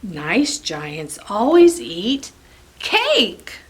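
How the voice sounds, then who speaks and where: A woman voicing a group of eager young children in a rhyming picture book, speaking high and pleading. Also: wildly swooping pitch, extremely slow, exaggerated voice. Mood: pleading, excited.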